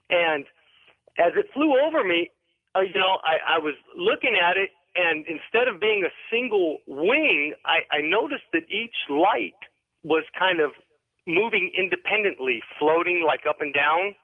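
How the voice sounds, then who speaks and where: A man's voice: fairly high pitch, no room sound. Man calling in over a thin phone line. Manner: rambling, hesitant, lots of ums and restarts. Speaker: caller. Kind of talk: telling a story on a radio call-in show.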